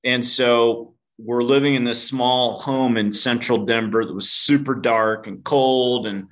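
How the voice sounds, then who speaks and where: This podcast guest speaks unhurriedly, his medium-pitched voice steady in tone and fairly bright. He shares a personal story openly, ribbing himself, dropping casual swears, and calling the host "dude."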